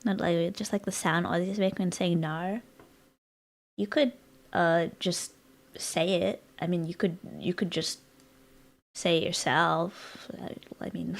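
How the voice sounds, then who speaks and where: A woman's voice: fairly low pitch, steady tone, measured pace, creaky. An American woman streaming live, chatting casually and playfully with her viewers while she works on a design. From United States. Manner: chatty, playful, teasing, rambling asides to chat.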